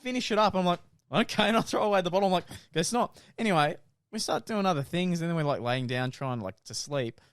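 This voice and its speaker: A man's voice: high-pitched, fast talker, clean tone, dry recording, studio quality. A young man, co-hosting a podcast, telling stories animatedly with lots of swearing and laughter. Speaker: podcast co-host. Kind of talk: casual chat.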